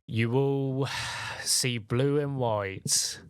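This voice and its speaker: A man's voice: medium pitch, drawn-out words, clear, resonant tone, no echo. A man narrating a tabletop game as game master, rambling with many fillers.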